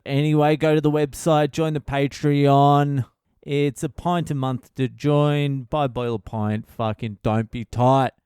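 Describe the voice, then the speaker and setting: Crude Australian comic host, swears constantly, clear resonant voice, dry close sound. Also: male voice, medium pitch, little pitch movement, unhurried, darkish tone, dry recording. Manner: laughs at his own jokes. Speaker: podcast host, comedian. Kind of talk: casual comedic monologue.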